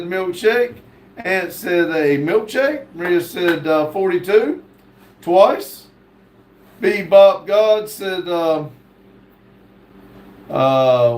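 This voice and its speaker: Slow, high-voiced host. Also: male voice, a little hiss or hum. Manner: reads viewer comments aloud, halting with many fillers. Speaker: livestream host. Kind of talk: live stream chat reading. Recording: echoey room.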